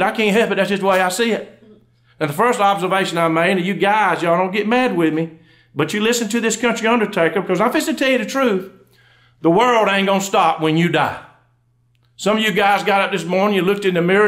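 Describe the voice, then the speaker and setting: Fast-talking Southern undertaker comic. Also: male voice, high-pitched, fairly bright tone. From Georgia, USA. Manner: folksy drawl, quick storytelling, acts out both spouses in dialogue. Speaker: comedian and undertaker. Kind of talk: live stand-up storytelling. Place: live stage before an audience.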